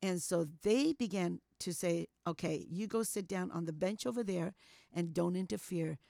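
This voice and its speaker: Older lady telling her story, gravelly and mellow, dry close sound, does all the voices. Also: fairly low pitch, moderate pace, no room sound. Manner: animated storyteller, acts out quotes with lots of "you know". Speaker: interview guest. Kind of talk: storytelling testimony.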